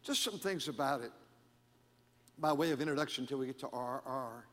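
A middle-aged man preaching a sermon as pastor, animated and emphatic with frequent repetitions, in a church sanctuary. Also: mid-range voice, fairly quick. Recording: long hall reverb.

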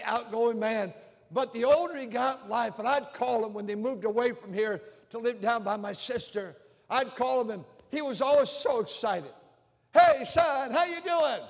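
Older man, pastor, emphatic sermon delivery, very high pitch, long reverb of a church hall. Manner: emphatic preaching with repeated phrases. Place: church sanctuary.

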